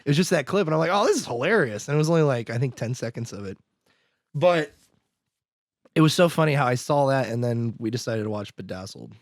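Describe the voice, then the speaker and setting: A man's voice: medium pitch, fast, dry recording, clean studio sound. A man co-hosting a podcast, casually recapping a film, laughing and acting out the characters' lines. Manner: animated, laughs, acts out characters. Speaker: podcast co-host. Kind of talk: casual movie recap chat.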